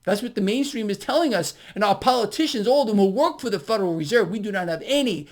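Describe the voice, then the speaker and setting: A man's voice: high voice, lively intonation, fast. A man giving a market commentary monologue on his video blog, emphatic and sarcastic, repeating his key words with ironic asides. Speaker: financial vlogger.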